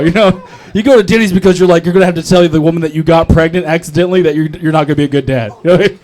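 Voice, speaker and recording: A man's voice: fairly high pitch, racing, hardly any pauses, a little mellow. A young man from North Carolina doing a rambling, profane, self-mocking stand-up set at an open mic, often laughing at his own jokes. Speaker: stand-up comedian. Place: open mic comedy club.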